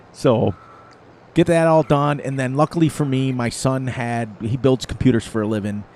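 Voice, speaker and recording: A man's voice: mid-range voice, fairly even intonation, a little slow, long pauses, a little mellow, slight background noise. A middle-aged man hosting a gaming channel, chatting casually over gameplay and telling rambling stories with frequent laughter.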